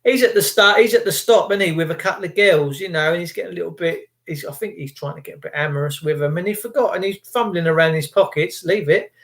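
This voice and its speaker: A man's voice: high voice, quick pace, few pauses. Chatty man ranting. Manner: chatty storyteller, voices the people he quotes. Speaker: vlogger. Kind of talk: casual rant.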